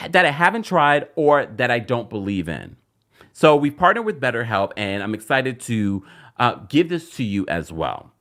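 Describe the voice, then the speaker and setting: A man hosting a casual reality TV recap show, chatting and reading a sponsor spot. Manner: animated, chatty, jumps up in pitch for emphasis.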